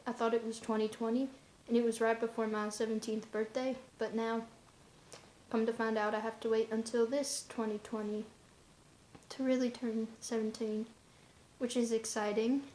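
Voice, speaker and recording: A woman's voice: a little high, little pitch movement, normal speed, a little mellow, slight background noise. A woman talking in a casual vlog monologue, rambling and offhand, in loose run-on asides. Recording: roomy echoey room.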